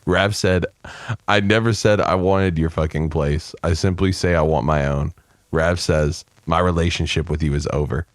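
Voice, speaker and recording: A man co-hosting a podcast, reading silly generated texts aloud in a deadpan way and laughing often. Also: low voice, moderate pace, no room sound. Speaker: podcast co-host.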